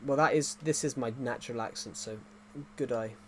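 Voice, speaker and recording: A man's voice: mid-range voice, moderate pace, a little hiss or hum. A man streaming a video game, chatting casually with viewers in a rambling, jokey way, often restarting his sentences. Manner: rambling, self-correcting, jokey. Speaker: gaming streamer. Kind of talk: casual livestream chat while playing.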